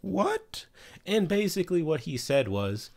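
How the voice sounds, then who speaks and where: A man's voice: mid-range voice, animated, brisk. A young man hosting a casual weekly football news recap, swearing freely as he talks. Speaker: sports news host.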